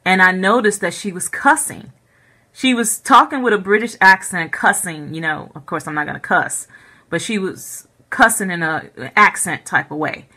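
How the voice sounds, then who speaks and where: A woman recounting a dream in a casual, animated way, with many fillers and repeats. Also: on the low side, normal speed.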